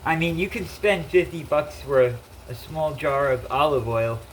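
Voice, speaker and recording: A man's voice: a little high, normal speed, poor audio. Man, chatty home cook, rambling, fillers, faint background hum. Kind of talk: casual cooking chat. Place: home kitchen.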